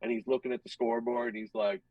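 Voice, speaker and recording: A young man, a hockey goaltender guest, telling stories in a casual, animated and profane way, acting out what others said. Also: mid-range voice, quick pace, no echo, far from the mic, lo-fi sound. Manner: animated, profane, acts out other people's lines. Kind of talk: casual storytelling.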